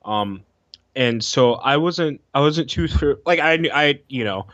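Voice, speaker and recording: Guy cohosting a podcast, kinda halting with lots of ums, muffled lo-fi audio, no room echo. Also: medium pitch, lively intonation, a bit bright. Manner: halting, with many fillers and restarts. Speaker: podcast co-host. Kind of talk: casual chat. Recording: dull, lo-fi, dry sound.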